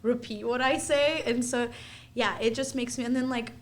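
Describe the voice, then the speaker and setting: A woman's voice: on the high side, steady tone, normal speed. A young woman from Armenia with an American accent, chatting as a guest in a bubbly, giggly way with many fillers. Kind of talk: casual interview chat.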